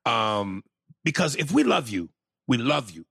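A male stand-up comedian telling a story in a casual, profane, animated way, with many restarts. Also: medium pitch, a little slow, vocal fry, slightly rough, no echo, clean studio sound.

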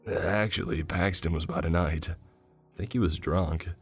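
A man's voice: deep voice, steady tone, measured pace, faint music behind, heavily acted. A man voicing a groggy, grumbling neighbor woken late at night in a scripted horror story. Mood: puzzled. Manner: gruff, half-asleep grumbling. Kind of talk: scripted narration.

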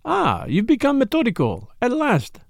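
A man voicing a precise, fussy older male detective in a calm, measured, lilting way. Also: a little high, gravelly, no echo, clean studio sound, heavily acted. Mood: pleased.

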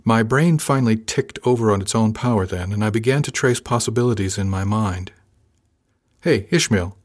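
A man's voice: lowish voice, a little fast, darkish tone. A man narrating a first-person audiobook in a dry, understated way.

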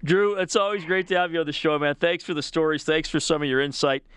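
Man, sports radio host, casual chatty delivery, smooth clear voice, dry studio sound. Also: on the high side, fast, fairly bright tone, dry recording. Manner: chatty, conversational, reads out call-in details. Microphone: close studio microphone.

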